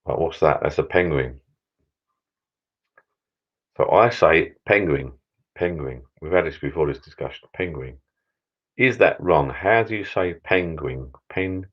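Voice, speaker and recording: A man's voice: extremely low pitch, expressive, unhurried, pauses often, muffled recording. A middle-aged man, chatting and rambling jokily on a live stream from his backyard bar. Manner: rambling, jokey, repeats words. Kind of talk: casual live stream chat. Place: backyard garden bar shed.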